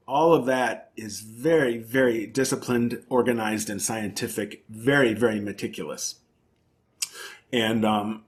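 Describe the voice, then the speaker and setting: Thoughtful man explaining at length. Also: mid-range voice. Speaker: principal oboist and oboe professor, interview guest. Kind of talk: conversational interview.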